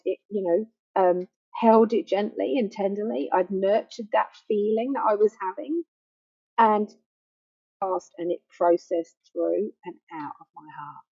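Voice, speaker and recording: A faulty microphone muffles this talk by a middle-aged grief counsellor, who teaches earnestly and emphatically from personal experience, repeating phrases for emphasis. Her medium-pitched voice is husky, with no echo.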